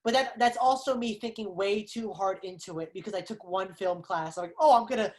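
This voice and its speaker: Animated woman guest dissecting a film. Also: mid-range voice, a little fast. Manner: animated, analytical, acts out reactions. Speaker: podcast guest. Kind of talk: casual movie review chat.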